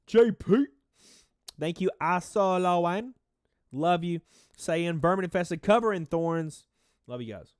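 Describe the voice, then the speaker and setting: A man's voice: fairly high pitch, no room sound, clean studio sound. A man hosting a casual livestream, rambling and reading out chat names, stuffy-nosed and a little out of breath. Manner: rambling, reads chat names aloud, shouts out donors. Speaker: livestream host.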